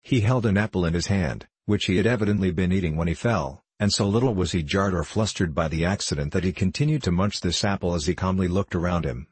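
A man narrating a children's storybook in a steady, measured way. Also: sits low, breathy edge, no echo. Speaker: audiobook narrator.

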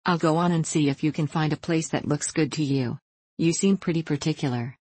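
A woman's voice: low voice, brisk, darkish tone, slightly rough, dry recording. A woman reading aloud, voicing a tired young cowboy who answers curtly and tartly. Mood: dry. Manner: curt and tart. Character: weary young male cowboy, curt.

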